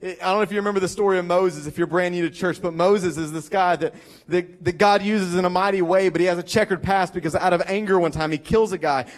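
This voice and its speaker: In a church, a pastor with a Southern US accent preaches a sermon. His voice is high and he talks fast, telling stories conversationally and slipping in self-deprecating asides.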